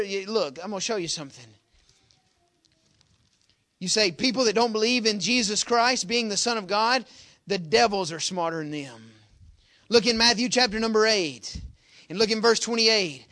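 A man preaching a sermon in a folksy manner, reading scripture loudly and dropping to quiet asides. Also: sits high, normal speed, long pauses.

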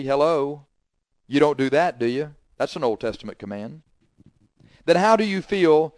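A man's voice: a little high, lively intonation, normal speed, smooth, no room sound, studio quality. A man preaching a sermon, hammering the congregation with confrontational rhetorical questions.

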